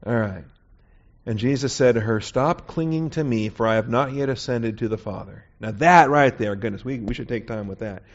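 A man's voice: mid-range voice, moderate pace. Man teaching a Bible lesson, lo-fi. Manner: conversational, checks in with "okay?" often. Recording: dull, lo-fi recording.

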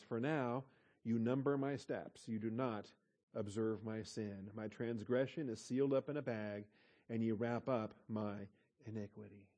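A man's voice: mid-range voice, mellow, muffled recording. A man preaching a conversational sermon, reading scripture aloud and explaining it. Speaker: pastor.

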